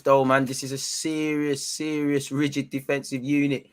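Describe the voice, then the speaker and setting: A young man doing live match reaction for his fans, loose and slangy. His voice sits at an ordinary middle pitch and keeps jumping up into shouts when he argues with the referee. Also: little pitch movement, fairly quick. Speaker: football watchalong host.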